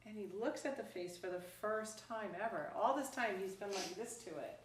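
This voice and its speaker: A woman Zen teacher giving a dharma talk, telling a story casually with lively acted quotes, recorded from a distance in a roomy hall. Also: medium pitch, moderate pace. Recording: roomy, distant, faint background noise.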